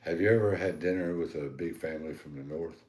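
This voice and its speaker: A man's voice: low voice, fairly quick, a little mellow, reverberant. A man with a Southern accent from North Carolina, co-hosting a podcast in casual chat, rambling with many fillers. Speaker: podcast co-host.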